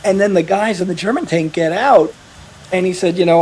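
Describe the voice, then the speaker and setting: Husky-voiced man telling a war story. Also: sits high. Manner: animated retelling, quotes others in quick voices. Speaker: author interviewed about his article. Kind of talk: casual podcast storytelling.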